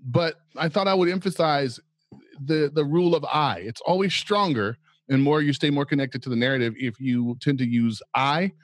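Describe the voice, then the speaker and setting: Brief: Oklahoma man, podcast game-master host, upbeat and chatty, fairly high voice, dry close mic. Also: normal speed, no room sound. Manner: upbeat, chatty, laughs often. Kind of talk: podcast intro and announcements.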